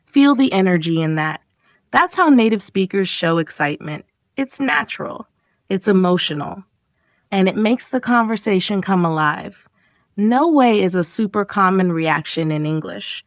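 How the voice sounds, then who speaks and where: A woman's voice: mid-range voice, lively intonation, normal speed, no echo. A woman teaching English in a scripted lesson, her voice swinging up and down as she acts out example reactions. The sound is dry and close, with no room around it.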